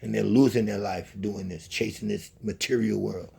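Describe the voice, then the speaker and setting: A man's voice: fairly low pitch, steady tone, normal speed, gravelly, warm tone, slightly rough. A man delivering a scolding, preachy monologue to camera, repeating himself as he lectures. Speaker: channel host.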